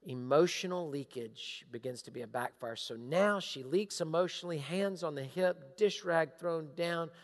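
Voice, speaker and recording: A middle-aged male pastor giving a sermon, emphatic and repetitive, sometimes dropping into hushed asides. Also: a little high, normal speed, few pauses. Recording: long hall reverb.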